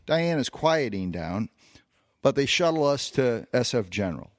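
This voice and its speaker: Very animated, a male podcast co-host with a medium-pitched voice tells a long personal anecdote at a moderate pace. His casual delivery has lots of fillers and restarts, and the studio-quality audio has no echo.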